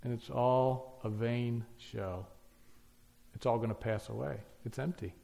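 A man's voice: mid-range voice, fairly even intonation, measured pace, vocal fry, dark tone. A man preaching a sermon, emphatic, piling up lists and rhetorical questions.

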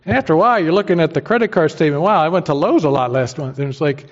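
A man's voice: on the high side, lively intonation, racing. Emphatic male preacher, lo-fi recording. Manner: emphatic preaching with everyday analogies. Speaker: pastor. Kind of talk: sermon. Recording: dull lo-fi sermon recording.

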